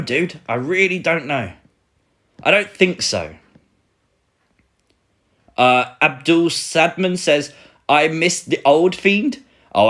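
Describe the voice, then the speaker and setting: A young man from Britain hosting a casual live stream, excitably reading out and answering viewer comments. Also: on the high side. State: recovering, a little sore.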